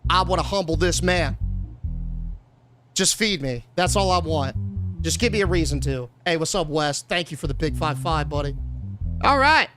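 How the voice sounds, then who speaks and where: High-voiced, profane young streamer. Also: male voice, lively intonation, moderate pace, pauses often, over music. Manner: loose, profane, chatty, reads game text aloud. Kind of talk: casual gameplay commentary. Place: home streaming setup.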